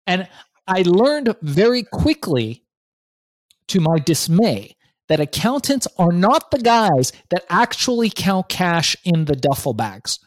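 A middle-aged man telling a lively story as an interview guest, acting out his own thoughts and swearing freely. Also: high voice, slow pace, no room sound. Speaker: guest entrepreneur. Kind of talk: animated storytelling in conversation.

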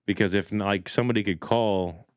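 A man co-hosting a podcast, speculating in relaxed casual chat. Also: on the low side, moderate pace, clean tone, no echo, clean studio sound. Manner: relaxed, speculative, uses "like" often. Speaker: podcast co-host.

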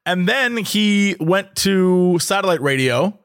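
Male podcast co-host, high voice, halting and filler-heavy. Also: expressive, a bit bright, smooth, no room sound, clean studio sound. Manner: hesitant, full of "like" and "uh". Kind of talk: casual podcast chat.

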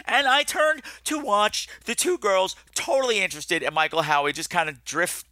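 A man hosting a podcast, telling a comic story in an animated way, swinging his pitch and pace widely. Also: normal speed, no echo, clean studio sound. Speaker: podcast host.

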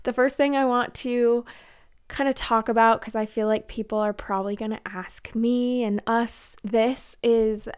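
Young woman podcast host, chatty and giggly, slightly breathless, higher smooth voice. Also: fairly even intonation, a little slow. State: a bit out of breath. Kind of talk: casual solo podcast talk.

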